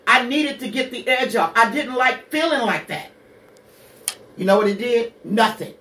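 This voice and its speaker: A woman's voice: on the high side, expressive, normal speed, sharp tone, reverberant, recorded from a distance, a little hiss or hum. A woman in her sixties hosting a radio show, telling her own hard story bluntly, with curses and rhetorical questions. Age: 60s. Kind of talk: candid personal monologue.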